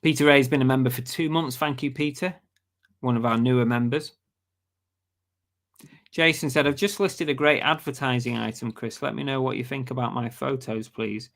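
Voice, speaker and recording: A man's voice: mid-range voice, fairly even intonation, normal speed, vocal fry, a bit bright. A British man hosts a casual live stream, reading viewer comments aloud and answering them in an easygoing, chatty way. His voice sounds a little worn, as he is losing it. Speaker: livestream host.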